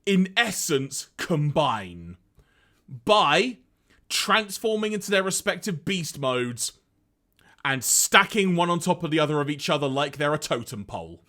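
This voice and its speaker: Male podcast co-host, lively rising-and-falling voice, upbeat recap, reads lines aloud. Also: fairly high pitch, unhurried. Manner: animated storyteller, reads out lines, laughs often.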